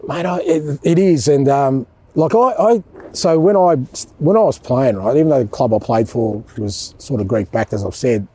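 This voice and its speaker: A man's voice: medium pitch, normal speed, dark tone, slightly rough. A middle-aged Australian man, a football manager, chatting casually and animatedly, often calling people mate. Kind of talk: casual chat.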